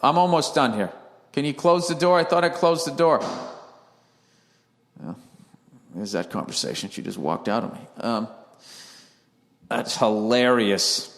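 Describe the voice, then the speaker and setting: A man's voice: mid-range voice, measured pace, creaky, long pauses, a bit bright. Male podcast host, rambling sarcastic swearing monologue, echoey attic recording. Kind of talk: casual solo podcast monologue. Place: attic of a house.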